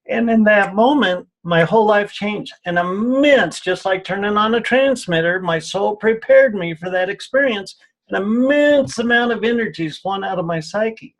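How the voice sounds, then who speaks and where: A man's voice: sits high, moderate pace, a bit bright. A man being interviewed on a radio show, telling earnest personal stories with frequent restarts and repeated words. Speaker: interview guest. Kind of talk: radio interview, spiritual healing talk.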